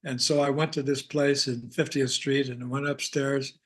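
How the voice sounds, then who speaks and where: An older man from Arkansas, an actor guest telling anecdotes in a meandering, halting way and chuckling often. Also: mid-range voice, little pitch movement, a bit bright, slightly rough. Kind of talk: casual anecdotal storytelling.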